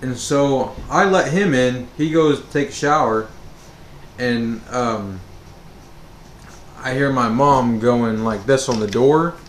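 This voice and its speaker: Unhurried rambling man in an echoey room. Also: mid-range voice. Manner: rambling, with many fillers and restarts. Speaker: vlogger. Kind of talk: storytime monologue. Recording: roomy echo with faint background noise.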